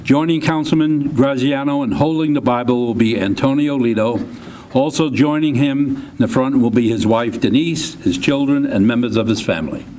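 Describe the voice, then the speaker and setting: A man's voice: medium pitch, moderate pace, mellow, a little hiss or hum. Man formally announcing at a ceremony. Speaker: meeting announcer.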